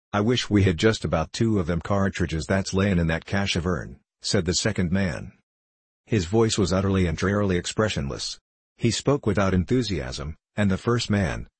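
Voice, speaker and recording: Deep husky male narrator. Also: darkish tone, no echo. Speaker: audiobook narrator. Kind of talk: scripted narration.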